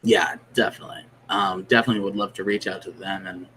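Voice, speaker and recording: A man with a low, steady voice talks quickly and with a sharp edge, over a recording that is low quality and carries a slight hiss or hum. He is a podcast co-host in casual conversation, rambling along and using plenty of filler words.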